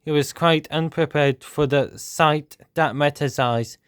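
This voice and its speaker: Man reading a children's story, smooth voice. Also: fairly high pitch, measured pace, fairly bright tone, dry recording, clean studio sound.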